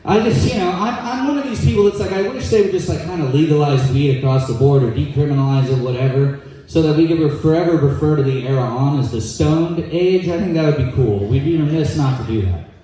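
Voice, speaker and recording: Young male stand-up comic, dry deadpan delivery, mellow voice, echoey club sound. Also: on the high side, distant mic. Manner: deadpan, quick asides, acts out quoted voices. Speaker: stand-up comedian. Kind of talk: stand-up comedy set. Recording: echoey room, voice off-mic.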